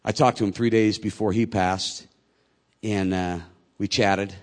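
A man preaching a sermon. His delivery is conversational and swings between hushed, slow passages and louder, quicker ones. He brings in quoted people with lively voices of their own. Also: fairly low pitch. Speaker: pastor.

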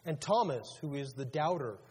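A man's voice: medium pitch, lively intonation, moderate pace, darkish tone, husky. A male pastor preaching a sermon in a conversational way, asking his congregation questions as he goes. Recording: long reverb of a large hall.

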